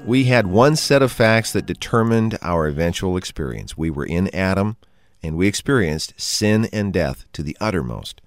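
Deep voiced host guy, measured, dry studio mic. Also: lively intonation, no room sound, soft background music. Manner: measured, introduces segments. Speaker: radio program host. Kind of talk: scripted program hosting.

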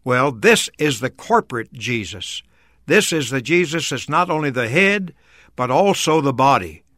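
In clean studio sound with no echo, a man explains a Bible passage as a guest in a discussion, earnestly repeating key phrases for emphasis. His mid-range, fairly bright voice swings widely in pitch and moves a little slowly.

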